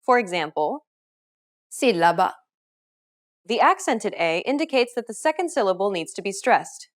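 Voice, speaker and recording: A woman teaching a scripted pronunciation lesson, explaining clearly and upbeat, modeling example words. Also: medium pitch, sing-song, brisk. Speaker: language teacher.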